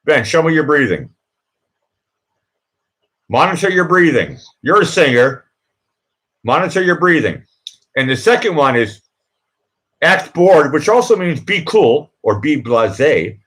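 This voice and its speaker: This host and producer, a man with a Boston accent, gives a nervous guest a live chat pep talk built on repeated mantras. He's very animated but a little slow, pausing often, and his emphatic coaching climbs loud and high on the mantras.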